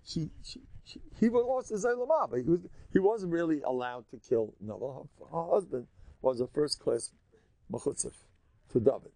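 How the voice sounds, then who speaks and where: An older man gives a Torah class as a colloquial, animated story, mixing in Hebrew and Yiddish words. His voice is gravelly and a bit husky. It is recorded close on a dry mic. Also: a little high, moderate pace, no room sound. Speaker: rabbi giving a Torah class.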